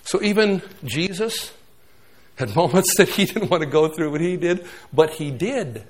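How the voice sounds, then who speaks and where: An older man in his sixties delivers a lively sermon. His voice sits somewhat high for a man, and he swings from loud, emphatic bursts down to quiet, hushed asides. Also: a little slow. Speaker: preacher.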